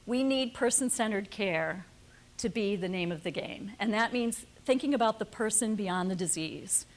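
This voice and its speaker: A woman's voice: medium pitch, lively intonation, normal speed. A middle-aged woman speaking on a panel, telling her family's story in an earnest, personal way. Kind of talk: prepared panel talk.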